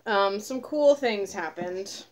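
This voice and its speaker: A woman's voice: medium pitch, expressive, slow pace. A woman vlogger talking casually to camera, rambling and swearing with a sarcastic edge, sounding tired.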